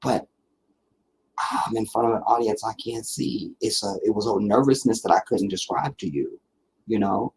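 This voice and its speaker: The recording is low quality with slight background noise as a man with a lowish voice hosts a casual live stream at a moderate pace. He reads viewer comments and chats loosely, rambling, repeating himself, and laughing easily.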